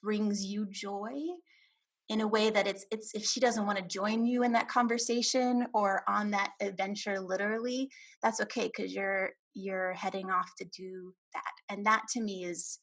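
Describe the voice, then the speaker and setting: A woman with a gravelly, creaky edge talks through relationship coaching in a reflective, thoughtful way. Her pitch sits in a middle range. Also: steady tone, normal speed. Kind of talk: coaching podcast talk.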